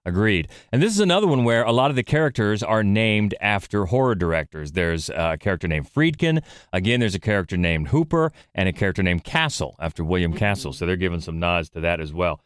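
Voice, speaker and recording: Relaxed male podcast co-host, dry sound. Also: deep voice, a little fast, clean tone, dry recording. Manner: relaxed, chuckling, conversational. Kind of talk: casual podcast chat.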